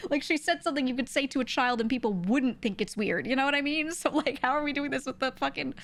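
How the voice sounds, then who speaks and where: A woman's voice: a little high, animated, brisk. A young woman from New York, a streamer talking in a casual, rambling way and laughing often. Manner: rambling, laughs often, trails off with "I don't know".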